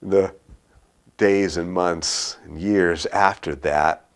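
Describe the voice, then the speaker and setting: A male pastor preaching a sermon, telling a personal story with animated, dramatized dialogue. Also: deep voice, drawn-out words. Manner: animated storytelling, acts out his own panic and a dialogue.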